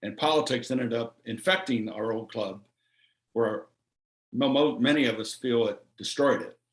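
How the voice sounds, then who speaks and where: A man's voice: medium pitch, normal speed. A man club member giving blunt, critical remarks with hesitant starts. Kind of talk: discussion remarks. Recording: roomy echo.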